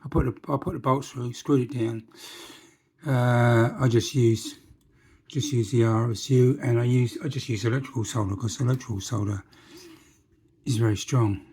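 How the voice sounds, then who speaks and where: A man's voice: medium pitch, fairly even intonation, moderate pace, mellow, breathy edge. A man with a jokey, chatty manner, talking himself through a model-making job at his workbench. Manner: chatty, jokey asides, talks to himself while working. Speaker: model railway hobbyist. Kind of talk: casual workshop demonstration.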